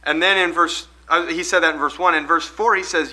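A man leads a group Bible study in a very bright, slightly high voice. He reads passages aloud, asks the group questions and explains them, often restarting his sentences. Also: fairly even intonation, fairly quick, hardly any pauses, rough recording.

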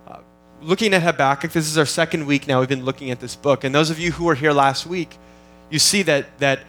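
An earnest male pastor delivers a sermon, his voice pitched a little high for a man. He teaches steadily, often repeating and restarting phrases as he thinks aloud. Faint music plays softly behind him. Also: fairly quick, poor audio. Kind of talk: expository sermon.

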